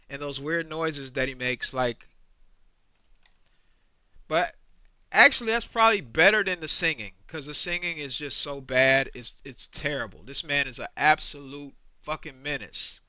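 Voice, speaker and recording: Man, forties, angry profane rant, slightly high voice, dull lo-fi recording. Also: measured pace, sharp tone, clear, resonant tone, no room sound. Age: 40s. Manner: ranting, profane, repeats himself. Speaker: movie reviewer.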